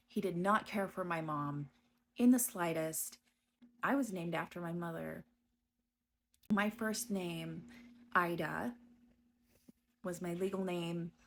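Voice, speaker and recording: A woman giving a personal testimony about her past, speaking slowly and hesitantly with frequent pauses and restarts. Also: fairly low pitch, vocal fry, slight background noise. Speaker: storyteller recounting her past.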